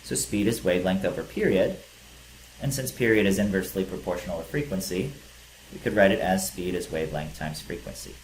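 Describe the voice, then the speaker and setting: A man's voice: low voice, brisk. A male teacher giving a physics lecture, explaining step by step with some fillers. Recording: echoey room with faint hiss.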